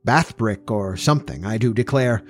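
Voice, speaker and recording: A man's voice: fairly low pitch, lively intonation, moderate pace, faint music behind. A man voicing a young male scientist who talks lightly and naturally. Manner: light, natural, easy talk.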